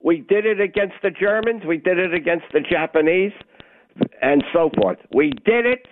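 A man's voice: high-pitched, moderate pace, a little hiss or hum. Blunt man on a tinny phone line. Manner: blunt, insistent, interrupts the host. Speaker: caller. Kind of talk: call-in radio caller.

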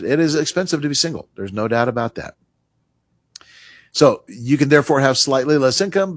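A man's voice: medium pitch, dry recording. A middle-aged man hosting a radio advice segment on retirement taxes, conversational and emphatic, dropping his voice for asides. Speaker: radio show host, retirement tax advisor.

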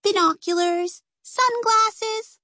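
A woman voicing a clever, cautious young girl spy in a storybook, with a squeaky, urgent way of talking. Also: slow, bright, forceful tone, no room sound, heavily acted.

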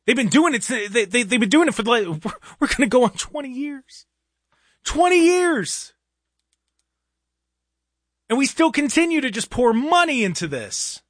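Brief: young guy, heated fan rant, high lively voice, close dry mic. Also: fairly quick, no room sound. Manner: exasperated, heated, mocking. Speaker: sports commentator. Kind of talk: ranting sports commentary.

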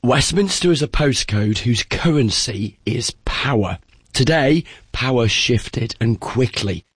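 A man's voice: medium pitch, lively intonation, slow, breathy edge, no room sound. A man, a political editor, filing a vivid news report that shifts its pace.

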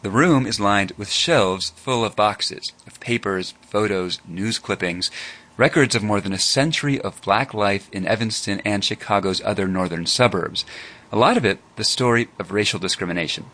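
A male radio news reporter with a fairly low voice, narrating a feature story. His delivery is measured and even, the steady cadence of scripted broadcast narration.

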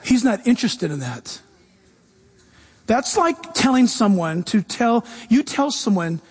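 Man pastor, high lively voice, animated sermon in a reverberant hall. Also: unhurried, pauses often. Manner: animated preaching, swings between loud and soft.

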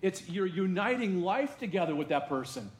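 A male pastor delivers a lively, conversational sermon, tossing rhetorical questions out to his congregation. His voice sits a little high for a man. The sound carries the roomy echo of a church sanctuary. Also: normal speed.

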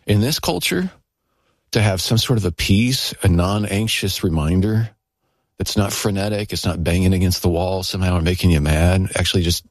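Brief: deep, husky man, earnest studio guest, dry close sound. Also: moderate pace, no room sound. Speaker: guest author. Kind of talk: casual studio conversation. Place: radio studio.

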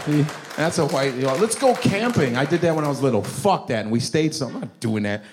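A man doing a profane stand-up comedy routine, animated, often bursting into shouts. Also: medium pitch, fast, background noise.

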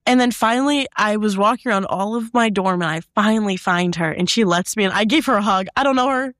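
A young woman telling a story in casual chat, animated and laughing, jumping high when she acts out her own past lines. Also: fast, no echo, clean studio sound. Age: young adult.

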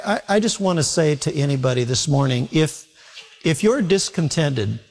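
A man preaching a sermon as pastor, animated, firing off rhetorical questions to his church. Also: a little high, big-room sound.

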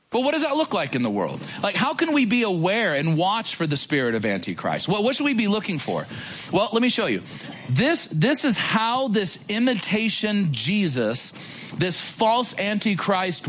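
A man preaching a casual sermon to a congregation, in a conversational, animated way with many rhetorical questions. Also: high-pitched, slight background noise.

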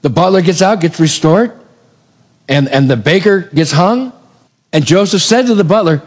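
A man preaching a sermon, retelling scripture with animated storytelling and acting out the characters' lines. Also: high-pitched, normal speed. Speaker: pastor. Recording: long hall reverb.

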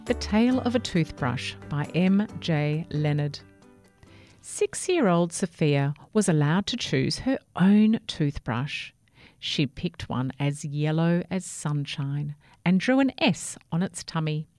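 A woman reads a children's story in a gentle, expressive voice. She takes her time and sits a little low. The sound is dry and close. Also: slow, no room sound, faint music behind.

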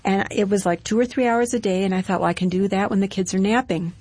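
A middle-aged woman telling her personal testimony as an interview guest, in a bright, matter-of-fact way. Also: medium pitch, steady tone, fast talker, husky.

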